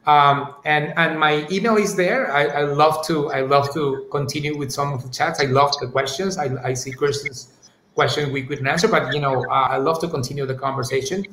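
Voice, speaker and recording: A man's voice: on the high side, fairly even intonation, moderate pace, fairly bright tone. A man, answering questions in a live-streamed interview, talking thoughtfully with many restarts and asides. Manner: thoughtful, many restarts and "you know", "right?". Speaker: university leader, interview guest. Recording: roomy echo, faint ambient noise.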